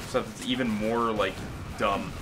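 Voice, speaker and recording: A young man giving live gameplay commentary, excitable and profane, with sudden bursts of yelling. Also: lowish voice, moderate pace, background noise. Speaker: gaming commentator.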